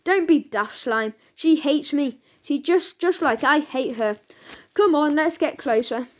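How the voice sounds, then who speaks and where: A woman's voice: high-pitched, unhurried. A woman voicing a cheeky, defiant young boy in a children's audiobook, talking eagerly and bluntly.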